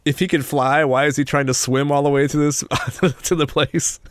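A man's voice: a little high, steady tone, moderate pace, dry recording, studio quality. A man co-hosting a casual movie review, chatty, giggling between points and reading out trivia. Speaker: podcast co-host.

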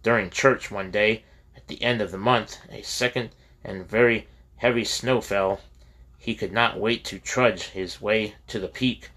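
A man narrating a novel chapter in a measured, steady reading. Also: on the low side. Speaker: audiobook narrator. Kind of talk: scripted narration.

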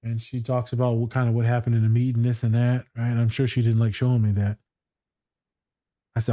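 In a casual reaction chat about a TV scene, a therapist tells stories bluntly and swears freely, speaking a little fast. His mid-range voice is mellow and dark with little pitch movement, and the recording is dry and close with no room echo.

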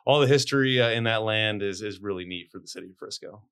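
Upbeat low-voiced man. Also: quick pace, fairly bright tone, clear, resonant tone. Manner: upbeat and chatty, with joking asides. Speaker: high school principal. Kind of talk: casual interview talk.

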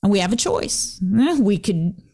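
Lively woman chatting casually. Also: medium pitch, measured pace. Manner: lively, laughs often, acts out quoted remarks. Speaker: host. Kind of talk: casual motivational chat.

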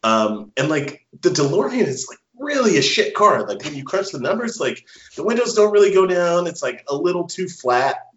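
A man in casual podcast conversation, animated and quick to laugh, with filler words running through his sentences. His voice sits in a roomy space, and the recording sounds slightly dull and lo-fi. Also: fairly high pitch. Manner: enthusiastic, frequent fillers and laughs. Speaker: podcast co-host. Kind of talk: casual chat.

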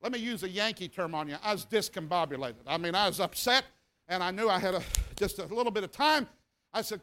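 Bright-voiced preacher telling a story. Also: male voice, high voice, fast talker. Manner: animated, folksy, acts out sounds and voices. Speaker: revival preacher. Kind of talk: sermon storytelling.

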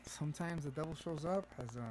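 A man co-hosting a laid-back podcast, his voice on the higher side for a man. He spins scenarios with animated energy, calls his friend bro and drops into phrases as he goes. A steady hum of room noise runs underneath. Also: quick pace, low-quality recording. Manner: animated storyteller, calls people bro, mixes in Spanish. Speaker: podcast co-host. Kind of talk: casual banter.

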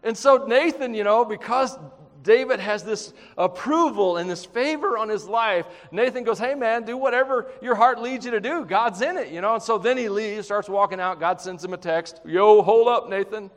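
A man preaching a sermon in an animated, conversational way, mixing jokes and acted-out quotes into his teaching. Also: high voice, moderate pace, big-room sound. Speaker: pastor.

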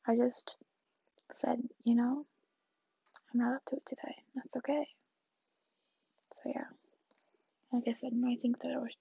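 A young woman in a whispered ASMR chat, talking softly and rambling in a reassuring way, close to the mic in a dull lo-fi recording. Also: fairly high pitch, creaky, slightly rough, no echo. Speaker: vlogger.

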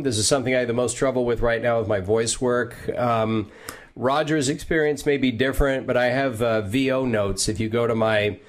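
A man hosting an easy, chatty interview show from a home voice booth. He reads out viewer questions and wanders into asides, talking at a middle pitch. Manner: chatty, loose, full of fillers and asides. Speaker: podcast host, voice actor. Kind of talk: casual interview chat, reading viewer questions.

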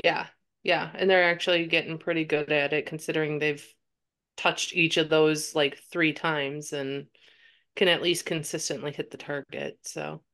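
A woman with a slightly low voice co-hosts a casual podcast. She teases and laughs easily while chatting. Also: level tone, normal speed, fairly bright tone. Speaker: podcast co-host, animal control officer.

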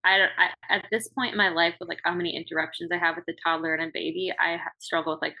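A woman's voice: fairly low pitch, steady tone, fast talker, vocal fry, highs cut off. A woman guest on a video-call podcast, chatting casually and sprinkling her talk with "like". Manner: chatty, fillers like "like".

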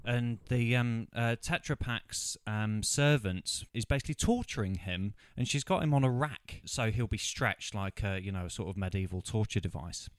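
A man's voice: on the low side, animated, moderate pace, hardly any pauses, no room sound. A man co-hosting a casual film review, recounting the plot with mocking asides and frequent laughter. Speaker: podcast co-host.

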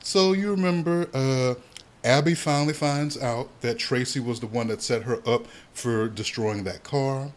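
A man co-hosting a podcast, chatting casually about a soap opera, animated and swearing freely as he acts out the characters' lines. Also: medium pitch, moderate pace. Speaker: podcast co-host.

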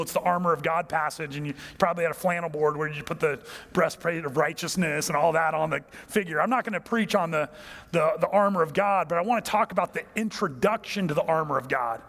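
Male pastor, high voice, sermon storyteller who drops to a hush for key points, reverberant hall sound. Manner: storytelling, drops to a hushed, low voice for emphasis.

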